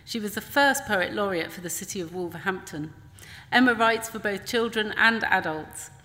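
A woman's voice: mid-range voice, expressive, moderate pace. A woman, the festival director, introducing an event and its poets with many ums. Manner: warm, filler-heavy introducing. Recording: hall reverb with faint noise.

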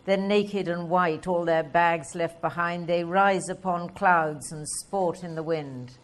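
A woman reads poetry aloud in a slow, measured way. Her voice sits low, and she lets each line settle before the next. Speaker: poetry reader. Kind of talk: poetry reading.

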